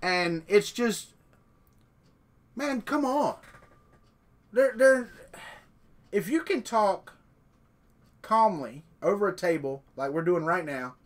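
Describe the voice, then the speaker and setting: Folksy man, slightly high voice. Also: animated, takes it slowly, long pauses. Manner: folksy, rambling, talks off the cuff. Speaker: live stream host. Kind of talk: casual live stream chat.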